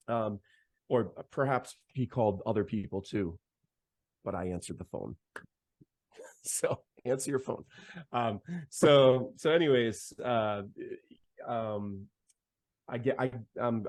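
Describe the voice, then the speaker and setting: Gravelly low-voiced man telling a story. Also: a little mellow, no room sound. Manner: chatty, heavy use of "like" and "man". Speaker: guest saxophonist. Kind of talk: casual storytelling.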